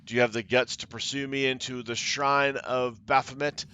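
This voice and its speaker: A man's voice: medium pitch, level tone, moderate pace, bright, forceful tone, clear, resonant tone, pitched above the performer's own voice, close to an everyday voice. A man voicing a cruel, taunting female cult leader while reading game dialogue aloud, with mocking theatrical delivery. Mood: furious.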